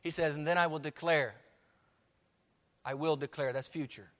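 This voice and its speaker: A man preaching a sermon to his church, emphatic, swinging from soft to loud. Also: fairly high pitch, steady tone, normal speed, big-room sound. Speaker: pastor. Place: church sanctuary.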